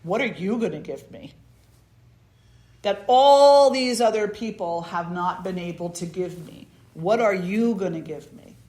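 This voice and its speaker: A woman's voice: sits low, moderate pace, few pauses, darkish tone. A woman playing a scoffing, stressed king. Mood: demanding. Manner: demanding, scoffing. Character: stressed, mocking king, a grown man. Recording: roomy echo.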